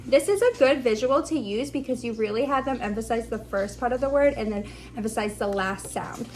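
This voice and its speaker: A woman teaching as a speech therapy instructor, slowly over-enunciating the sounds she models. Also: a little high, expressive, noisy background. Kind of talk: instructional demonstration.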